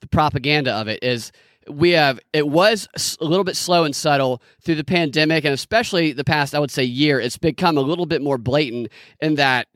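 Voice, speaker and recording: A man co-hosting a casual political talk podcast, earnest and talkative, with animated jumps in pitch. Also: a little fast, no room sound. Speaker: podcast co-host.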